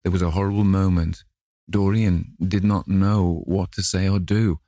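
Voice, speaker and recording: A man narrating a classic novel in a measured, dramatic reading. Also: low voice, steady tone, dark tone, dry recording, studio quality. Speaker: audiobook narrator.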